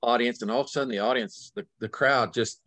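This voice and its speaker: Male author guest, middle-aged, animated yarn-spinner, dry close recording. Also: medium pitch, fast, dry recording. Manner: lively, acts out scenes with sudden loud and soft swings. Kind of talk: animated storytelling in conversation.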